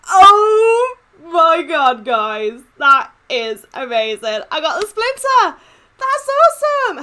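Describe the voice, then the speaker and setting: A woman with a high, bright voice that swings widely in pitch. She gushes excitably through casual gaming commentary as she opens in-game chests. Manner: excitable, gushing, squeals with delight. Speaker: gaming YouTuber.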